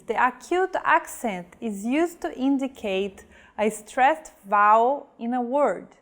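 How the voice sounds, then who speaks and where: A woman teaching a scripted pronunciation lesson, reading example words slowly and carefully. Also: on the high side, animated. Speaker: language teacher.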